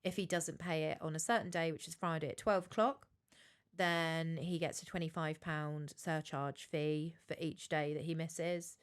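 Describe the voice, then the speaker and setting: A British woman co-hosting a casual podcast, telling stories in an animated way and acting out what people said. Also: sits low, normal speed, clear, resonant tone. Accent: British English. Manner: animated storyteller, acting out quotes. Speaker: podcast co-host, dominatrix.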